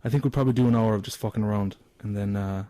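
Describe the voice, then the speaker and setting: A man's voice: lowish voice, fairly even intonation, racing, mellow. A man with an Irish accent hosting a casual internet radio show, giggly and swearing freely. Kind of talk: casual chat.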